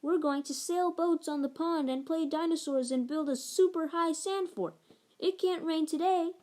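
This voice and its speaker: A woman's voice: extremely high pitch, normal speed, pitched above the performer's own voice. A woman voicing an eager, imaginative little boy in a storybook read-aloud. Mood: disappointed. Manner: bright, eager exclamations.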